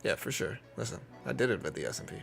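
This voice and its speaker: A man's voice: on the low side, very animated, fast talker, creaky, a bit bright, soft background music. A young man from Louisiana with a Southern accent, chatting casually and giving live market commentary. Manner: laid-back, chatty, uses lots of fillers. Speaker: live stream trader.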